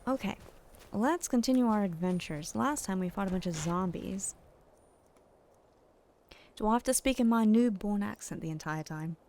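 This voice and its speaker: A woman's voice: mid-range voice, lively intonation, normal speed, long pauses, darkish tone. A young adult woman streaming a game, chatting casually and rambling to her viewers. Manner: chatty, rambling, talks to chat. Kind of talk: casual gameplay chat.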